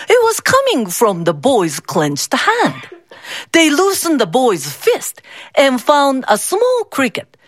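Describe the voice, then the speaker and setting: A woman reading a folk tale aloud as a storybook, slowly and expressively. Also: high-pitched, no room sound, studio quality. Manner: slow, expressive, switches into character voices.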